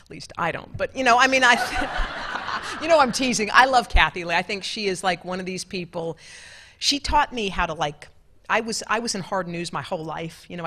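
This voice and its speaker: A middle-aged woman, a television co-anchor, telling stories to an event audience in a lively, laughing, chatty way. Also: lowish voice. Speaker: television co-anchor giving a talk. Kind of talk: storytelling talk with audience Q&A. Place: large club event room.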